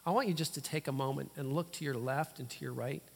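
A male pastor preaching a sermon in a church, emphatic, with dramatic pauses and sudden loud bursts. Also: medium pitch, gravelly, breathy edge, big-room sound.

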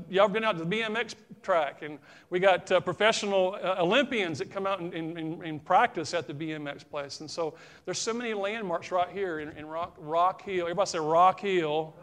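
Brief: middle-aged Southern male pastor, high voice, chatty sermon delivery. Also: fairly quick, fairly bright tone. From South Carolina, US. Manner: folksy, talks straight to the congregation.

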